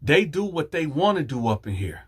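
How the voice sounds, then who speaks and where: A man casually telling a personal story to his viewers, acting out the dialogue with lively jumps in his voice. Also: fairly high pitch, normal speed, slightly rough. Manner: animated, acts out quoted dialogue.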